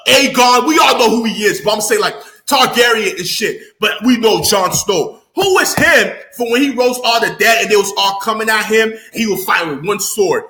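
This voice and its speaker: Animated young man, high lively voice. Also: moderate pace, few pauses, echoey room. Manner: animated, slangy, swears freely, loud exclamations. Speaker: YouTuber reviewing a TV episode. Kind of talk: excited casual recap.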